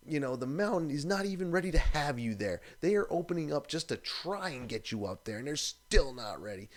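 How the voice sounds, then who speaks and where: A man hosting a live stream, ranting in a casual, profane, exasperated way. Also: medium pitch.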